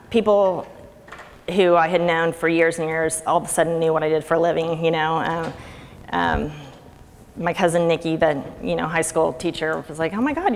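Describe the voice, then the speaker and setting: Casting: middle-aged woman, low gravelly voice, snarky and chatty, speaking in a reverberant hall. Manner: chatty, sarcastic, laughs often. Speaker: conference speaker. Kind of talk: conference talk. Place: lecture hall. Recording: reverberant hall with faint ambient noise.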